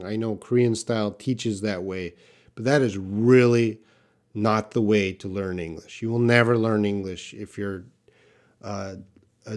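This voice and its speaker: A man's voice: fairly low pitch, darkish tone. A Canadian man teaching English on a live stream, reading viewers' comments aloud and answering them bluntly.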